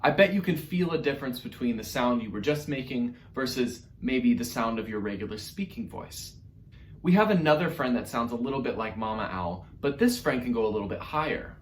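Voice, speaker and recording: A man teaching an online music lesson to young children, upbeat and encouraging, sometimes demonstrating hoots and squeaky voices. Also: sing-song, fairly quick, echoey room, a little hiss or hum.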